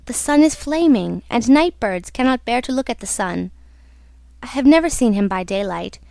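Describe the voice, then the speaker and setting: A woman's voice: on the high side, expressive, moderate pace, darkish tone, no echo. A woman reading as a frightened young singer. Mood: pleading. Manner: pleading, trembling.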